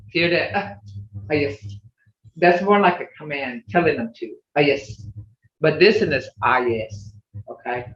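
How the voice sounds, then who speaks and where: A language teacher leading an online class, patiently repeating example phrases over and over. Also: medium pitch. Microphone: video call. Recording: echoey, dull video-call audio.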